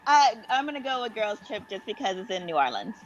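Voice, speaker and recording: A woman's voice: medium pitch, big pitch swings, a little fast, dull audio, over a noisy crowd. A woman guest on a podcast, chatting easily with slight hesitations. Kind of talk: casual chat.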